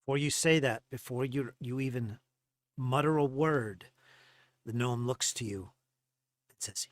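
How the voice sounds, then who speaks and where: A man narrating as game master of a tabletop game, animated and stumbling through restarts. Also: mid-range voice, unhurried, dry recording.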